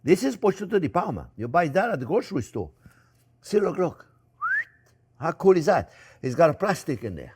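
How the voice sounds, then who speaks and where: A middle-aged male chef talks through a cooking demo in a chatty, joking way, often calling his viewers friends. His pitch swings up and down with plenty of life. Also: very animated, normal speed, pauses often, a little mellow, slightly rough. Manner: talkative, jokey, addresses viewers as friends. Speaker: chef and cooking show host.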